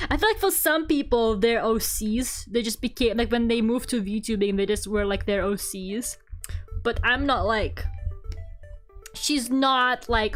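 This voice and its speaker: High-voiced rambling woman streamer. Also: a bit bright. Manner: rambling, heavy use of "like", giggly. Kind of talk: casual chat while drawing.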